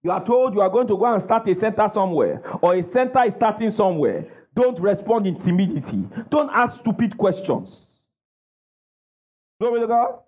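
Emphatic high-pitched preacher man. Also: big pitch swings, moderate pace, a little mellow, slightly rough. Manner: emphatic call-and-response, asks the crowd "what?". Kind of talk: sermon. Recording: dull lo-fi sound.

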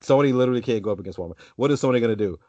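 A man's voice: medium pitch, lively intonation, very fast, mellow, no echo. A man on a casual podcast, telling a long story with lots of restarts and asides. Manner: rambling storyteller with many restarts. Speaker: podcast co-host. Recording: dull lo-fi dry sound.

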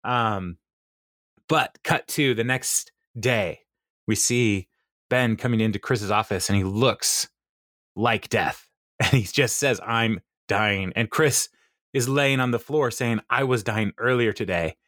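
Podcast co-host, man, mid pitch, dry close sound, giggly and animated in his retelling. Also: takes it slowly, dry recording. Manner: laughs often, animated retelling. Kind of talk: casual chat recapping a TV episode.

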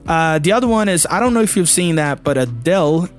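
A man's voice: on the high side, animated, brisk, soft background music. A man hosting an English lesson podcast, talking in a chatty, enthusiastic way with many fillers. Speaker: English teacher and podcast host. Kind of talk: casual teaching monologue.

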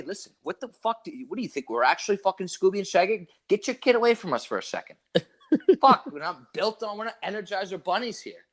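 A man's voice: sits high, fairly bright tone. A young man co-hosting a podcast, telling a long story in a rambling, profane, laid-back way and acting out the quotes. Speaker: podcast co-host. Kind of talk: casual storytelling chat.

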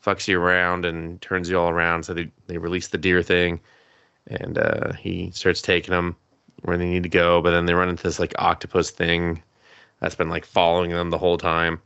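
Male podcast co-host, lower pitch, animated casual recap with voiced quotes. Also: smooth, no room sound, highs cut off. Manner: animated retelling with quick voiced quotes and laughs; swears casually. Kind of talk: casual anime recap chat.

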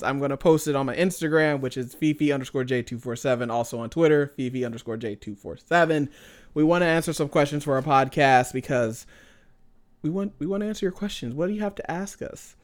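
A woman co-hosting a casual podcast, teasing her co-host and laughing often as she talks. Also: sits low.

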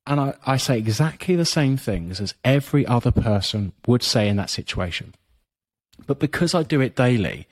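A man's voice: mid-range voice, lively intonation, normal speed. A man with a blunt, profane way of talking, a fitness business coach speaking as a podcast guest. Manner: blunt and profane, frequent you-knows. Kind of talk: podcast interview, motivational talk.

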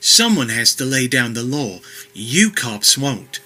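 A man's voice: mid-range voice, big pitch swings, slow, sharp tone, heavily acted. A man doing a cocky young street vigilante. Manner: brash, tough-talking.

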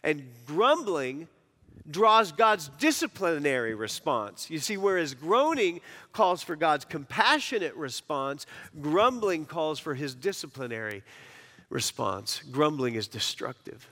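A male pastor delivers a sermon in a slightly higher voice, building to emphatic peaks and then dropping to quiet, personal asides. His voice carries a long reverb from a church sanctuary. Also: sing-song, a little slow.

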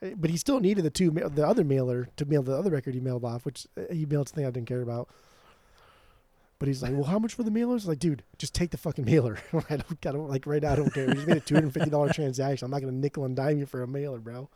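A man co-hosting a podcast, telling a story in a casual, animated way and swearing freely. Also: mid-range voice, fast talker, dry recording. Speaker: podcast co-host, record store owner. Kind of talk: casual chat.

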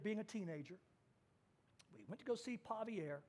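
A man from Kansas preaching a sermon as pastor, telling a story and acting out the voices in it, moving from hushed to loud. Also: sits high, expressive, normal speed. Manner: storytelling with acted-out quotes, swings from hushed to loud.

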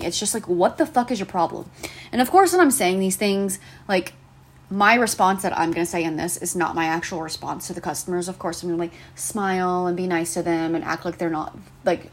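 A young woman talks into her own podcast mic in a loose, rambling monologue about bad customers. She swears constantly, trails off into fillers, and turns sarcastic when she gets worked up. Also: medium pitch. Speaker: podcast host. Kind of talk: casual venting monologue.

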